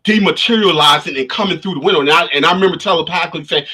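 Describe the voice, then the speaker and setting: High-voiced guy chatting to his stream, kinda husky, rambles and restarts a lot. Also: fast, few pauses, sharp tone. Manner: rambling, with many restarts and repetitions. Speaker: spiritual vlogger. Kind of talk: casual storytelling to a live stream audience. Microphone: camera of a livestream setup.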